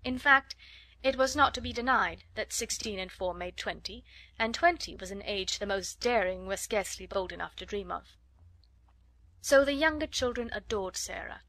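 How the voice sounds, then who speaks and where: A woman's voice: medium pitch, no room sound. Woman reading a storybook aloud. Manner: expressive, measured reading. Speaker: narrator. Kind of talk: storybook narration.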